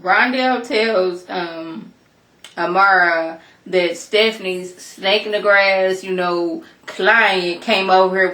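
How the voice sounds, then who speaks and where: A woman's voice: fairly low pitch, fairly bright tone. Chatty woman reviewing a TV episode. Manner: chatty, opinionated, storytelling with asides. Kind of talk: casual recap and commentary. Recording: echoey room.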